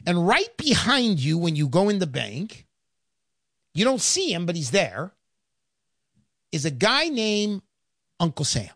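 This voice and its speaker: A woman giving an emphatic, sarcastic sales pitch for investing in gold and silver. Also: very animated, normal speed, vocal fry, long pauses, a bit bright, slightly rough, no echo, clean studio sound. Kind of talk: persuasive sales talk.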